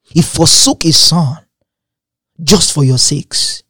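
A man's voice: fairly high pitch, slow, bright, forceful tone, husky, dry recording, studio quality. A man preaching a sermon, quoting scripture and repeating phrases for emphasis.

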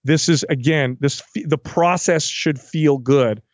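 A man's voice: on the high side, measured pace, no room sound, highs cut off. A man, a fitness trainer, talking casually in an interview and acting out what his clients say. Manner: animated, acts out client quotes.

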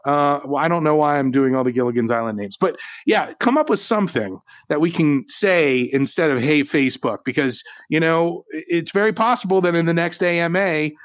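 Brief: upbeat livestream co-host, male, a bit high-pitched, close dry mic. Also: a little fast, hardly any pauses, no room sound. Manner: chatty, upbeat, jokey asides. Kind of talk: casual livestream chat.

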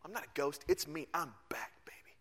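This is a calm, playful risen teacher, put on by a male preacher who speaks low and half whispered. His tone is soothing and teasing, with a bright, sharp edge still in the voice. He is a grown man who means to reassure. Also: fairly quick, heavily acted. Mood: hushed reassuring. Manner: hushed, low and breathy, teasing.

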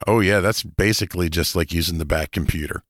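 A man with a deep voice co-hosts a casual gaming podcast, trading quick agreement and dry jokes. His voice is recorded dry and close. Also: a bit bright, no echo. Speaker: podcast co-host. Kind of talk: casual tabletop gaming chat.

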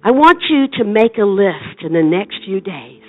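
An older woman evangelist preaches a sermon with passion, her medium-pitched, sing-song voice moving at a normal speed before rising into rhythmic, shouted repeated calls. The audio is narrow and tinny, with faint music in the background.

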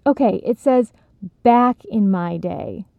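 A woman's voice: fairly high pitch, very animated, unhurried, gravelly, dry recording, voice pushed up, heavily acted. A woman voicing a chatty young woman who hesitates and apologizes, in a storybook reading. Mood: puzzled. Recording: slightly dull, dry recording.

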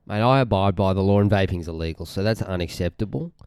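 Hosting his own podcast, a young Australian man rants in a casual, rambling monologue, swearing, getting irritated, and often trailing off mid-sentence. He talks fast in a very low, smooth, resonant, darkish voice. The close, dry recording has no room sound.

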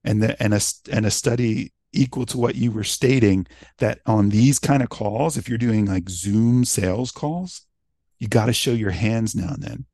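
Guy chatting about sales calls, animated, acts out lines, dry mic. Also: fairly low pitch, normal speed, no echo. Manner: animated storytelling, acts out quoted voices. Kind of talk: casual conversation.

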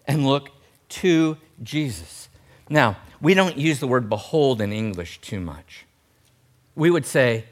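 A middle-aged male pastor preaching a sermon in an animated, humorous way, swinging between loud emphasis and soft tender passages. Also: mid-range voice, unhurried.

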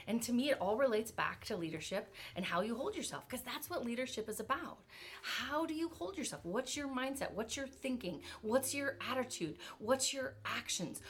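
Energetic woman giving a motivational talk. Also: fairly high pitch. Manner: energetic, repeats rhetorical questions. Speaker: motivational speaker. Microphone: virtual event talk.

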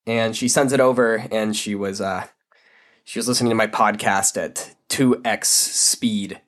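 A man's voice: lowish voice, fairly even intonation, measured pace, fairly bright tone. Blunt, swearing podcast host, a man. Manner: candid, blunt, swears freely. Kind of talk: casual solo podcast monologue.

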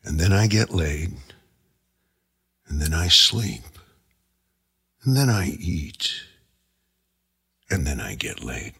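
A man putting on the slow, flat voice of a male jackrabbit spirit speaking at a séance. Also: extremely low pitch, creaky, slightly rough, voice pushed down, heavily acted. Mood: deadpan.

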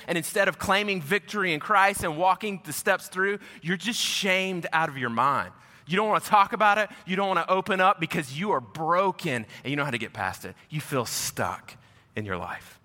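A man preaching a sermon to a congregation, telling stories in an animated way and swinging between loud and soft. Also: fairly high pitch. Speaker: pastor. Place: church hall with congregation. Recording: echoey hall.

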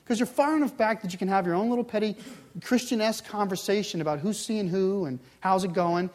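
Man preaching with loud and hushed swings. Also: high voice, brisk. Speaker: pastor. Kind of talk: sermon.

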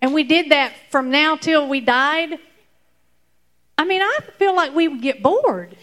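Speaking in a high voice at a measured pace, a woman brings a Bible story to life for kids, using fillers and breaking into excited bursts as she acts it out.

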